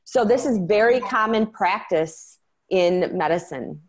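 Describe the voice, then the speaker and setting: A woman guest in an interview, talking earnestly and quickly, with frequent fillers and restarts. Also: mid-range voice, animated. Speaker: interview guest, medication-transparency advocate. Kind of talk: conversational interview.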